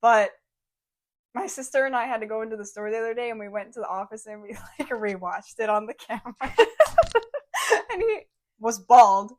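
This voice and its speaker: A young woman co-hosting a podcast, telling a story in a casual, animated way and saying "like" often. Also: a little high, normal speed, pauses often. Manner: animated storytelling, heavy use of "like". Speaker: podcast co-host.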